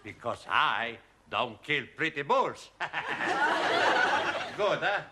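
A cocky Spanish student comic. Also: male voice, medium pitch, sing-song, a little slow, very noisy. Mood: boastful. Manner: broken English, cheeky and boastful. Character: boastful Spanish male student comedian. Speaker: student performer.

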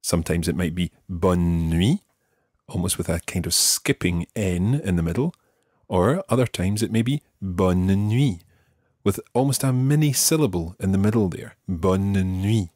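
Scottish male teacher, low husky voice, patient and deliberate, dry close studio sound. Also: expressive, a little mellow, no echo. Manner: patient, slow, careful modelling of pronunciation. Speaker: French teacher. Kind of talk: podcast language lesson.

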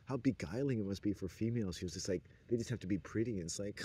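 A man's voice: on the low side, rapid-fire, mellow, breathy edge. A man talking in a rambling, sardonic monologue, often laughing at his own jokes. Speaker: monologue speaker.

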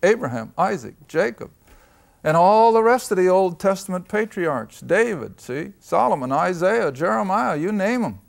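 A man's voice: sits high, sing-song, moderate pace, vocal fry. An older man teaching a folksy Bible lesson, emphatic, asking questions and answering them himself. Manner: emphatic, asks and answers his own questions.

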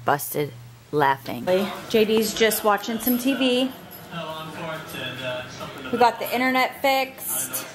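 A woman's voice: a little high, big pitch swings, takes it slowly, pauses often. A young adult woman chatting casually in a home vlog, laughing often and coaxing her pets. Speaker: vlogger.

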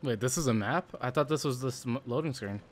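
A man's voice: medium pitch, brisk, slight background noise. A young man hosting a gaming channel, chatting casually with friends while playing, joking and laughing often. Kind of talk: casual gameplay chat with friends.

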